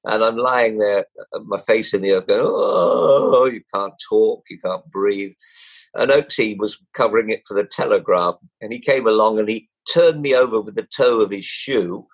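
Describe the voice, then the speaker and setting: A man's voice: lowish voice, normal speed, breathy edge, low-quality recording. An older man, a former jockey turned broadcaster, telling stories as an interview guest, acting out quoted voices and chuckling as he goes. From England. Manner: lively, acts out quoted voices, chuckles, restarts often. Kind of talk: anecdotal storytelling.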